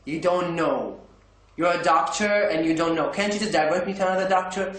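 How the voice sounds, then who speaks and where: A man's voice: high-pitched, steady tone, fast talker, a bit bright, reverberant. A man telling a story in a casual vlog, rambling and stumbling through many restarts. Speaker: vlogger.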